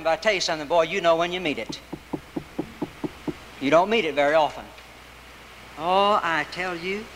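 A man preaching a sermon, moving rhythmically between raised, ringing passages and hushed, quiet lines. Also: fairly high pitch. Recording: reverberant hall with faint background noise.

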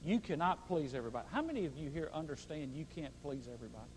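A man preaching a sermon to a large congregation, animated and playful, acting out prayers in mock voices. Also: fairly high pitch, racing, big-room sound, a little hiss or hum, low-quality recording. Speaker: pastor. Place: large church.

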